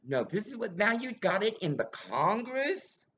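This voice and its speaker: A woman's voice: mid-range voice, very animated, a little slow, hardly any pauses, a bit bright, lo-fi sound, a little hiss or hum. A woman ranting angrily and bitterly in a rambling monologue that jumps between accusations.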